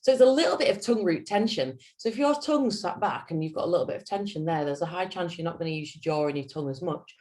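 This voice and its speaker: A Yorkshire woman trains a team in public speaking during a lunch-and-learn. Though her voice is low, her theatrical, rising-and-falling delivery keeps things animated, and she talks fast with hardly a pause.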